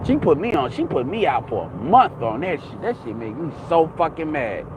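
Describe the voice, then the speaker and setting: A man's voice: mid-range voice, big pitch swings, moderate pace, noisy background. A young man ranting in a casual, heated, rambling monologue, swearing often.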